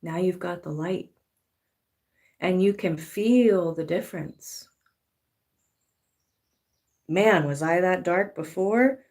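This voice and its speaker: A woman giving a casual spiritual talk as a tarot reader, swearing freely and now and then acting out pleading voices. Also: medium pitch. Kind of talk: spiritual monologue.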